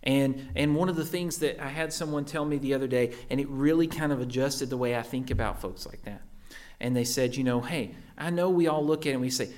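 A man's voice: medium pitch, a little fast. Conversational man preaching a sermon. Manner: conversational, often adds "right?" to points; swings between lively raised emphasis and soft hushed asides. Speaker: pastor.

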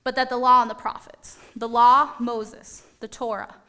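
A woman preaches a sermon as animated, conversational storytelling. Her voice is fairly high and her pace moderate.

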